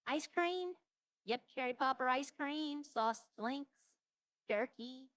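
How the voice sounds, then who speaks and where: A woman's voice: high voice, takes it slowly, fairly bright tone, dry recording, studio quality. A young woman streaming a roleplay game, chatting casually to herself as she browses and lists things she sees. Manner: muses aloud, listing items as she browses.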